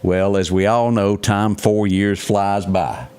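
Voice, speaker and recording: A man's voice: on the low side, takes it slowly, clear, resonant tone. A man from Mississippi with a Southern accent, a show host telling a folksy story. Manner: lively drawling storyteller.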